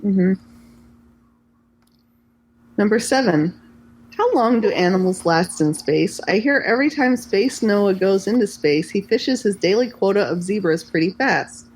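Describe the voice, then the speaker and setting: A woman co-hosting a casual podcast, playful as she tosses out trivia questions. Her voice is a little husky. Her pitch moves a lot as she jokes along. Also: expressive, unhurried, a little mellow, poor audio. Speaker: podcast co-host. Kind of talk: casual chat.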